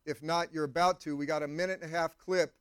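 A male pastor giving a sermon with a fairly high voice. He talks conversationally and keeps turning to the congregation with questions. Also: fairly even intonation, quick pace, fairly bright tone, clear, resonant tone.

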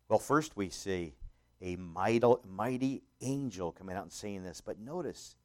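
Brief: male pastor, lowish voice, emphatic sermon delivery with loud swells. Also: unhurried. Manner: emphatic, with dramatic swells on scripture quotes; rambling with frequent fillers and restarts.

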